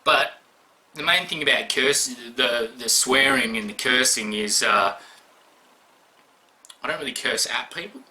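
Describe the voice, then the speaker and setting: Sweary guy with a bright voice. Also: medium pitch, measured pace, long pauses. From Australia. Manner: swears constantly, rambling and blunt. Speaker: YouTuber answering award questions. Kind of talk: casual vlog monologue.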